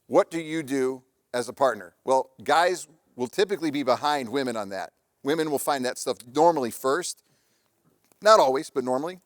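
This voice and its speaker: A man's voice: medium pitch, animated, normal speed, no room sound, clean studio sound. A man giving a live talk on relationships, telling anecdotes in a conversational way with frequent restarts. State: married father. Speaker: presenter on relationships and parenting.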